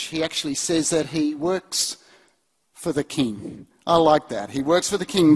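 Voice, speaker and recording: A man hosting a conference and introducing the keynote speaker in an upbeat, enthusiastic way. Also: a little high. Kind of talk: event introduction. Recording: echoey hall, slightly husky.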